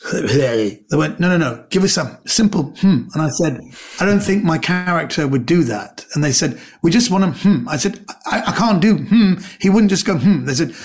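A man from Britain, a comedian guest telling lively anecdotes in casual chat, acting out quotes and stumbling over restarts. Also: on the high side, moderate pace. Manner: animated anecdotes with acted-out quotes and stammered restarts.

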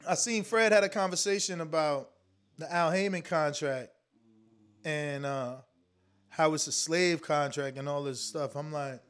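Animated high-voiced man ranting on boxing. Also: measured pace, clean tone. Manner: animated, slangy, emphatic, talks straight to the audience. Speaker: boxing commentary show host. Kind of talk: casual livestream talk reading super chats.

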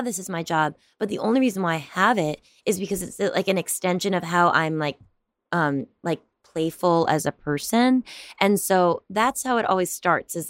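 A young adult woman, an actor and stand-up comedian, chatting in an interview in a rambling way, full of fillers and quick laughs. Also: lowish voice, dry recording. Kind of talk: casual interview chat.

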